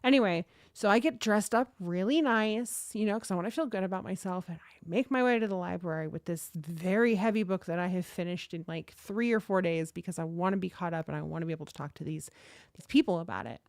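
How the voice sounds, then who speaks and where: A woman's voice: lowish voice, brisk, no room sound. Chatty woman livestream host in her thirties, dry close mic. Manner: chatty, animated, reads chat aloud. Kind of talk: casual livestream storytelling.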